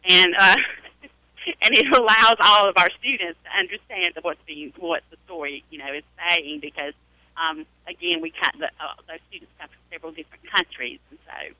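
A Southern-accented woman talks about her teaching work in a live radio interview, hesitating often with fillers. Her voice is very bright, and it sounds dry and close. She is recorded live at a public library. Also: fairly low pitch, normal speed, dry recording, low-quality recording. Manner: chatty, many hesitations and fillers. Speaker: adult literacy and ESL teacher.

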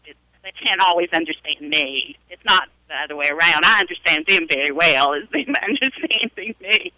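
A Southern-accented woman talks about her teaching work in a live radio interview, hesitating often with fillers. Her voice is very bright, and it sounds dry and close. She is recorded live at a public library. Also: deep voice, animated, moderate pace, no echo, poor audio. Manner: chatty, many hesitations and fillers. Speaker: adult literacy and ESL teacher.

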